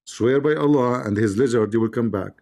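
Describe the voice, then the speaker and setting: A man's voice: medium pitch, a little fast, creaky, a little mellow. A man hosting a live-streamed debate with callers. He is sick with the flu and talks in a mocking, sarcastic way, with broken English grammar. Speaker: debate host.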